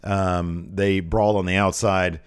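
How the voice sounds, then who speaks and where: Low-voiced male podcast host, loose rambling recap style. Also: little pitch movement, takes it slowly, clear, resonant tone. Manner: rambling, lots of ums and asides; mimics wrestlers in raised voices when quoting. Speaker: podcast host reviewing wrestling. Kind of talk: casual recap.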